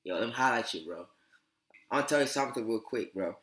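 A man's voice: mid-range voice, lively intonation, fast talker, a bit bright, echoey room, natural voice. A man imitating his young male roommate with an American accent, slangy and casual, calling everyone bro. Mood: chill.

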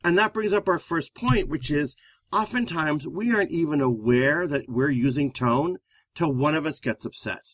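A man's voice: on the high side, moderate pace, dry recording. Dry-sounding man explaining relationship tone. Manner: steady, explanatory, addresses listeners directly. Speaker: therapist and co-host. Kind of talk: conversational relationship advice show.

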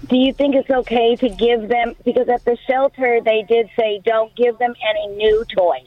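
A woman's voice: a little high, fairly even intonation, normal speed. A woman calls a radio show, asking in a hesitant way and trailing off. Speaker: caller. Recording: tinny phone line.

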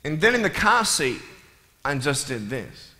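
A man's voice: fairly high pitch, unhurried, very noisy. A young man giving a humorous speech to a live audience, telling stories in a playful, joking way. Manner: playful, joking, lively storytelling. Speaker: motivational speaker. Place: large hall with a live audience. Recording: echoey hall with faint ambience.

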